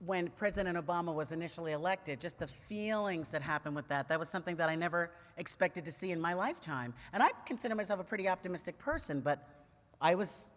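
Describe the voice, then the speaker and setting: A woman's voice: fairly low pitch, fast talker. A woman in her fifties from New York City gives a humorous personal storytelling talk as a commentator, witty and conversational with playful asides to the audience. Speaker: commentator and conference speaker. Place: large conference hall. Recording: long reverb of a big hall.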